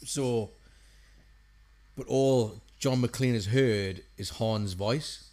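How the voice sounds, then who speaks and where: Guy in a film chat, quick banter, jumps in on his mate. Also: mid-range voice, a little mellow. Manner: quick banter, finishing his friend's sentences. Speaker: podcast co-host. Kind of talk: casual chat about films.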